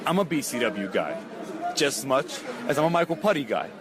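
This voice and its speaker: Bronx wrestler over a noisy crowd. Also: male voice, mid-range voice, big pitch swings, a little fast. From the Bronx, New York. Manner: emphatic, repeats himself. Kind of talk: post-match interview.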